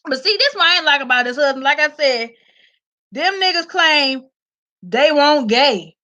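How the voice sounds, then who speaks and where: A woman telling a story in casual commentary, loud and animated, swearing and laughing. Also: sits high, normal speed. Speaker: vlogger reviewing a documentary. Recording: slightly dull lo-fi audio.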